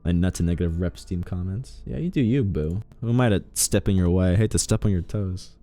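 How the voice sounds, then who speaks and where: A man casually commenting while streaming a game, joking with chat and shooting up into high exclamations. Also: brisk, mellow, faint music behind.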